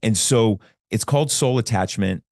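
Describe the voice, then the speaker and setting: A man with a notably low voice speaks as a podcast guest, recounting a personal story with earnest intensity. He often slips into retelling conversations line by line. The sound is dry and close. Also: moderate pace, a little mellow, no echo.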